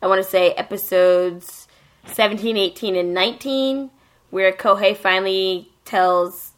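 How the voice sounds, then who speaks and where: A young woman co-hosting a casual chat about anime, animated and profane, acting out characters as she recaps. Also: medium pitch, a little slow.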